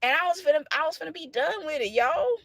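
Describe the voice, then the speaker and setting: A young woman talking casually to viewers live, animated and preachy, full of rhetorical questions and slang. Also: high voice, fast, dry recording. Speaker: vlogger sharing a faith message.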